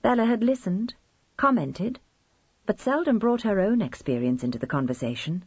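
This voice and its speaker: A woman narrating an audiobook in a measured, expressive storytelling manner. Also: medium pitch, breathy edge, no echo. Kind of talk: scripted narration. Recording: slightly dull lo-fi recording.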